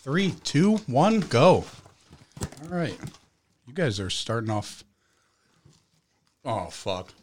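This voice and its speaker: A man's voice: medium pitch, big pitch swings, slow pace, long pauses. A man hosting a casual livestream chat, joking and swearing while eating. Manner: joking, profane, eats while talking. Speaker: host.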